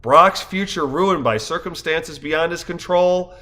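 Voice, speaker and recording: Bright-voiced man in his fifties. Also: a little high, measured pace. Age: 50s. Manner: wry, wordplay-laden storytelling. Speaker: stage actor. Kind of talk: scripted narration.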